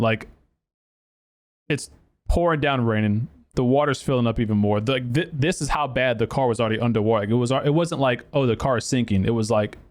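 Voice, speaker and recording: Profane storytelling podcast host man. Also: medium pitch. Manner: profane, animated storytelling with acted quotes; lots of fillers and restarts. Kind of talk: casual storytelling.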